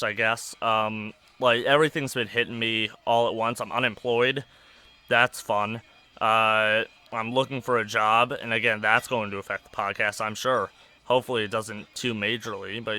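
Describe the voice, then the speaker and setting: A young man hosting a podcast, rambling casually in a monotone with many fillers while sounding stressed. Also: mid-range voice, clear, resonant tone. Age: young adult. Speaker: podcast host. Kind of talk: casual personal rambling over a wrestling match.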